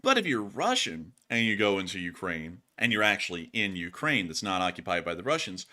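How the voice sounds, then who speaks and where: A man's voice: low voice, fairly quick. A man hosting a casual war-news commentary show, opinionated and rambling, with lots of "like" fillers. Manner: rambling, heavy use of "like" fillers; opinionated and animated. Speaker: show host.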